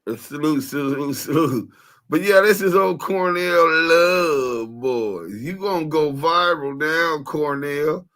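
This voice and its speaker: Stream co-host, man, teasing and jokey, bright tone, slow delivery. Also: a little high. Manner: joking, teasing, laughing. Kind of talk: livestream banter.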